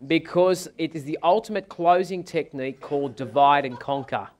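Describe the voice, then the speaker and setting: Animated male sales trainer. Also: on the high side, normal speed. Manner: animated storytelling, dramatic. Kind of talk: seminar talk with anecdotes.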